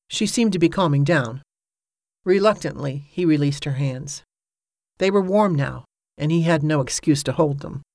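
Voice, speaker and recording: Dry, measured audiobook narrator. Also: medium pitch, dry recording.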